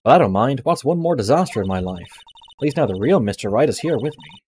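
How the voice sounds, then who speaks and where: A man's voice: medium pitch, lively intonation, quick pace, darkish tone, slight background noise, natural voice. A man voicing an unlucky, cheerful young woman, a former policewoman who talks earnestly and keeps calling people sir, read aloud from a video game. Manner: earnest, self-pitying, ends lines with "sir". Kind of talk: reading game dialogue aloud.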